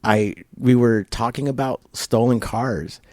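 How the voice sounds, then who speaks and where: A middle-aged man telling a long personal story in an interview at a barbershop, halting and rambling, acting out the people he quotes. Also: medium pitch, steady tone, darkish tone, no room sound. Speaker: guest.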